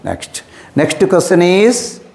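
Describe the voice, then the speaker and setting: A man's voice: high voice, huge pitch swings, slow pace, gravelly, a little mellow, roomy sound, a little hiss or hum. A man teaching an English exam lesson who repeats his instructions and calls his students "my dear".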